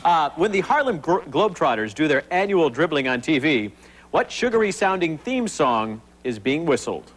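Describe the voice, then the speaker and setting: A man's voice: a little high, sing-song, poor audio. A man hosting a TV game show in a studio, upbeat and jokey, bantering with contestants. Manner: jokey, bantering, quick to laugh. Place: TV studio with live audience. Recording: 1980s TV broadcast, loud audience noise. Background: studio audience.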